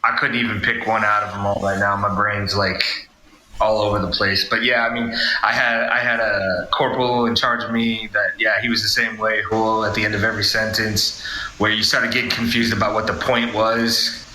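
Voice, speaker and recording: A man's voice: on the low side, flat delivery, moderate pace, bright, forceful tone, a little hiss or hum. A man co-hosting a podcast, rambling through profane anecdotes in casual chat. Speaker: podcast co-host, army veteran. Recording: roomy echoey mic sound.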